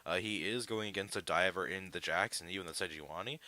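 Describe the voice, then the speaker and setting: A man's voice: deep voice, fairly quick, pushed and bright, no room sound. A man giving live esports analysis, explaining picks at length with frequent "uh" fillers. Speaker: esports caster.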